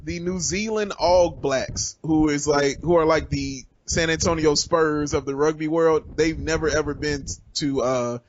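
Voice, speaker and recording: A man's voice: fairly high pitch, steady tone, a little slow, hardly any pauses, muffled recording, slight background noise. A man on a sports podcast as a guest, talking with enthusiasm and joking around. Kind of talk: casual sports talk chat.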